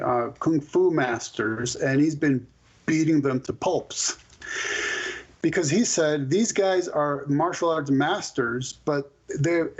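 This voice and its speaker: A man's voice: on the high side, muffled recording. A male author on a podcast as a guest, telling stories and laying out his arguments in conversation. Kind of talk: conversational explaining.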